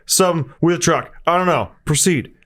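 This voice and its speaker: A man's voice: fairly high pitch, moderate pace, fairly bright tone. A man co-hosting a podcast in casual chat, joking and laughing as he talks. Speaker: podcast co-host.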